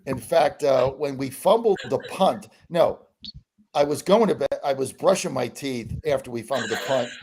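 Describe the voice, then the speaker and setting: A man in his sixties, a regular co-host, telling animated stories in a casual sports betting chat. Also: medium pitch, slightly rough, poor audio. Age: 60s. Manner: animated, excitable storyteller.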